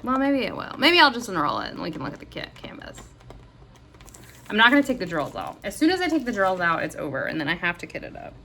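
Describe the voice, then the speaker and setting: A woman vlogger chatting casually to her viewers in a gushing, excitable way, often gasping. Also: medium pitch, fast, noisy background. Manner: gushing and excitable, with frequent gasps. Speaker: crafting vlogger. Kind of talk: casual vlog chat.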